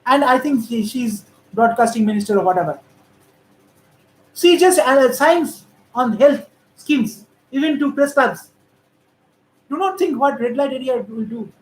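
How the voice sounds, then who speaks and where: A woman's voice: high voice, lively intonation, a little slow, pauses often, a little mellow. A woman giving critical, emphatic political commentary on how politicians speak. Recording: roomy echo.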